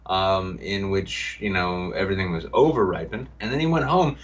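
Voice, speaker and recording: A man co-hosting a live-streamed podcast, teasing his guests in casual banter and slipping into silly voices for quoted bits. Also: low voice. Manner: joking, teasing, quick voice switches for quoted bits. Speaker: co-host. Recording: dull lo-fi sound, a bit distant from the mic.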